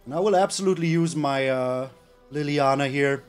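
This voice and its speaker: A man's voice: a little high, normal speed, clean tone, faint music behind. A man hosting his gaming channel, giving live gameplay commentary and exclaiming and groaning at each play. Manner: animated, exclaims and groans at plays.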